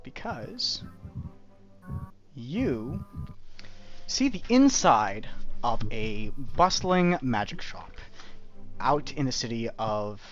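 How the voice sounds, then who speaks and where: A man narrating a tabletop game as game master, casually and haltingly, with many fillers. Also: medium pitch, big pitch swings, faint music behind. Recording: dull lo-fi stream audio.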